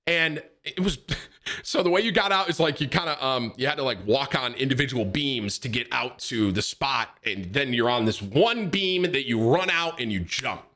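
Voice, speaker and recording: A young man telling a story to his stream chat, animated and profane, jumping into a raised voice to act out quotes. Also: mid-range voice, normal speed.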